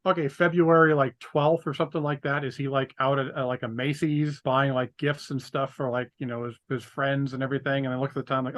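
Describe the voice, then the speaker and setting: A man's voice: medium pitch, flat delivery, brisk, few pauses, fairly bright tone. A man co-hosting a podcast, chatting casually about a film with rambling asides and crude jokes. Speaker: podcast co-host. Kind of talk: casual movie chat.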